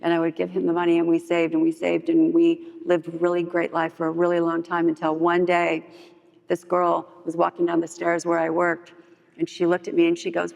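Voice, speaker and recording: A middle-aged woman telling her personal story at a recovery meeting, animated and acting out what people said to her. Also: lowish voice, a little fast, creaky. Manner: animated storytelling, acts out quotes. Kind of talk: personal story told to a group. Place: meeting hall. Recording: long reverb of a hall.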